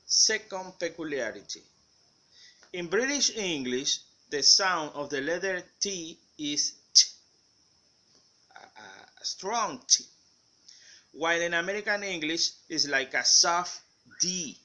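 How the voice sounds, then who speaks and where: Male student presenter, Spanish native, slow measured delivery, slightly high bright tone. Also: lively intonation. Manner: reads word lists in measured steps. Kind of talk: slow reading of word examples.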